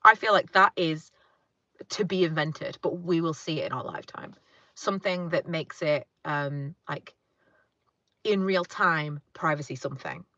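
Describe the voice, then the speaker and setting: A woman's voice: deep voice, unhurried, bright, forceful tone, no room sound, dull audio. A woman chatting casually in her car, reading viewer comments and rambling with lots of fillers. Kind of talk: casual car chat live stream. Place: inside a parked car.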